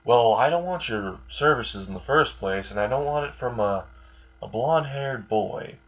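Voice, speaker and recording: A man's voice: mid-range voice, expressive, moderate pace, highs cut off. A man voicing a cocky, menacing teenage boy with demon powers, blunt and dismissive.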